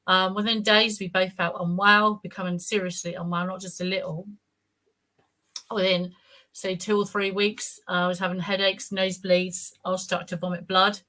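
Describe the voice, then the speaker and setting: A woman's voice: medium pitch, little pitch movement, moderate pace, bright, forceful tone. A woman telling her own story in a rambling, casual way, repeating words and acting out what others said. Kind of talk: casual personal account.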